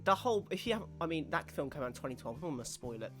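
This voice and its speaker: Podcast co-host, man, upbeat and rambling, slightly high voice, faint music underneath. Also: rapid-fire. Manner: animated, enthusiastic, rambling. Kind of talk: casual chat.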